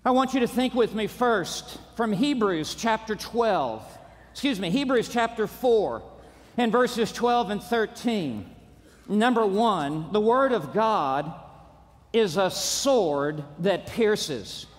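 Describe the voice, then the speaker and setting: A man preaching a conference sermon, driving his points home with punchy repetition and rising to shouts. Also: high-pitched, expressive, takes it slowly. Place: large auditorium. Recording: long reverb of a large hall.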